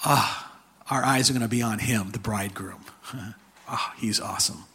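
Husky, animated male preacher. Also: on the low side, normal speed. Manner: animated, conversational, with frequent restarts and laughter. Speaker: pastor. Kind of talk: sermon.

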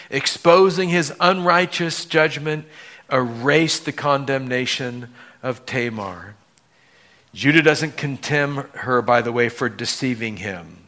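Bright-voiced man preaching a sermon. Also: mid-range voice. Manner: expressive, acts out dialogue in voices; moved to emotion while preaching. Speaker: pastor.

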